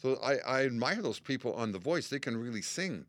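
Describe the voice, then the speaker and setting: An older man from Canada, a musician guest spinning animated stories in a casual chat and acting out the people he quotes. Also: mid-range voice, a little fast, no room sound. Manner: animated storyteller, acts out quotes and sings snippets. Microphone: studio mic.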